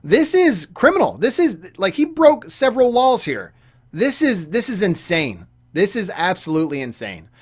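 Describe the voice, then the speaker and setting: A man's voice: high-pitched, huge pitch swings, normal speed, breathy edge. A young man delivering a casual commentary rant, heated and repetitive, with frequent stammering restarts. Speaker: gaming YouTuber commentator.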